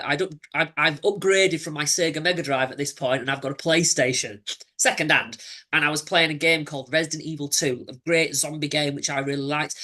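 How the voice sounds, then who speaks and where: A man in his forties telling a personal story as an interview guest, candid and reflective, halting and restarting as he goes. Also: fairly high pitch, bright, forceful tone. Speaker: podcast guest.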